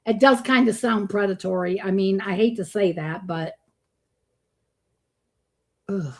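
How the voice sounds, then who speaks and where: This woman from Florida hosts a live reaction stream on a streaming mic, greeting people by name, speaking bluntly, swearing often, and groaning with disgust. Her voice is mid-range and her pace a little slow.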